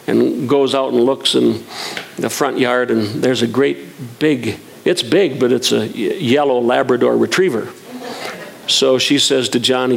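A man's voice: mid-range voice, fairly even intonation, moderate pace, creaky, slight background noise. A man preaching a sermon, telling folksy stories with humor and reading scripture aloud.

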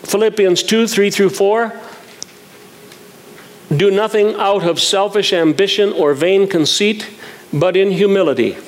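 A man's voice: high voice, measured pace, long pauses. A man preaching a sermon, telling folksy stories with humor and reading scripture aloud.

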